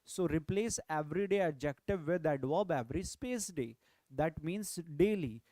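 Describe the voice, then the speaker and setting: A man's voice: on the high side, animated, normal speed, dark tone, dry recording. A man with an Indian English accent teaches vocabulary in an online lecture, often repeating key phrases and asking "right?" to check in. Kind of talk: online exam-prep lecture.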